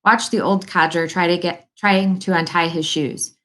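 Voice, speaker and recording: A crotchety old man trades dry, grumbling sarcasm with his young visitors, voiced by a woman reading a novel aloud. His complaints stay wry rather than angry, in a voice sitting on the low side. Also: steady tone, moderate pace, a bit bright, close to an everyday voice. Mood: sarcastic. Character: cranky witty old man in a nursing home.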